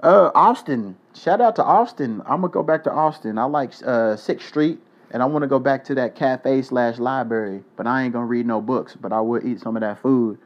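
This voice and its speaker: Young man, podcast host, joking, profane, mid-pitched voice, dull lo-fi sound. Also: moderate pace, hardly any pauses. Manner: loose, joking, profane shout-outs. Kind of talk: casual solo podcast.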